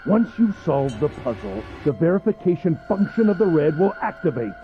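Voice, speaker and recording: A man's voice: fairly high pitch, sing-song, moderate pace, narrow, tinny audio, soft background music. An actor voicing a smug, cruel older male captor who talks in a pompous, mocking way, in a game. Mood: scornful. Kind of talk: video game voice acting.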